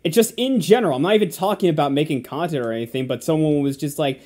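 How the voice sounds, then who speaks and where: A man's voice: a little high, fast, hardly any pauses, a little mellow. A man hosting a casual podcast, ranting in exasperation and swearing often. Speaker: podcast host.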